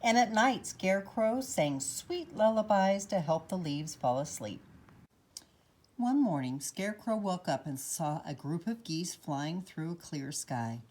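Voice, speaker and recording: A woman reading a children's storybook aloud in an expressive, animated way. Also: on the low side, measured pace. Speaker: children's book reader.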